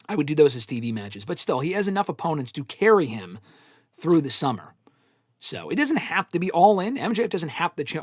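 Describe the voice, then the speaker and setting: Hosting a laid-back live stream where he takes fan questions, a man offers blunt, profanity-heavy answers and wanders through his views. The recording is dry and studio-quality, and his pitch sits fairly high.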